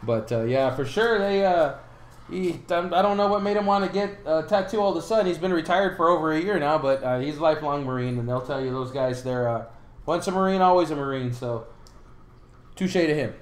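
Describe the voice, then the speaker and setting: A man's voice: fairly high pitch, fairly quick, reverberant. A man co-hosting a casual sports podcast, telling crude stories and swearing freely. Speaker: podcast co-host.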